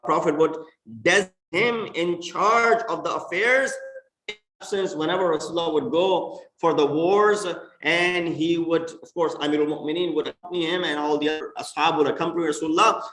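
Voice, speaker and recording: A man preaches in a fairly high voice, stressing his points with sharp rises and drops. He is heard from a distance in a roomy, echoing mosque hall. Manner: emphatic, rising and falling for stress. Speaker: imam. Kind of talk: sermon. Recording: echoey mosque hall from far off.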